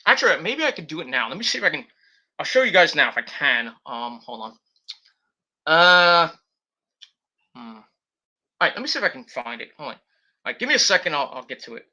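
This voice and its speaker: A man's voice: a little high, sing-song, fairly quick, pauses often, sharp tone. A man hosting a casual review show, rambling and swearing freely and correcting himself as he goes. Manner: rambling and profane, with frequent self-corrections. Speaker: wrestling show reviewer, host. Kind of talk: casual spoken review and rant. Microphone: computer setup while recording.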